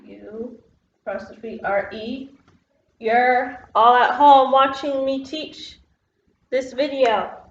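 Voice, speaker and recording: Slow and steady, a high-voiced woman teacher patiently walks through an online phonics lesson step by step, writing on a board and dropping the odd "um." It sounds roomy, dull and lo-fi, like a classroom.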